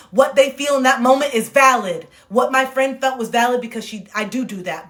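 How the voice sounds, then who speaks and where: A woman's voice: medium pitch, fairly bright tone. A woman in a casual, candid livestream monologue, speaking bluntly with swearing and acting out the voices of people she quotes, recorded on a phone mic.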